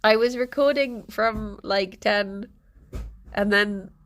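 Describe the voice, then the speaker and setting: A young woman streamer in casual chat with her viewers, her voice husky after a late night, chatty and giggly. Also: medium pitch, takes it slowly, fairly bright tone.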